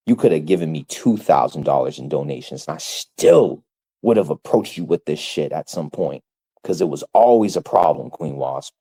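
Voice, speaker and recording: A man's voice: very deep voice, expressive, normal speed, gravelly, dark tone, slightly rough. A man livestreaming an angry, profane rant, hammering the same insults over and over.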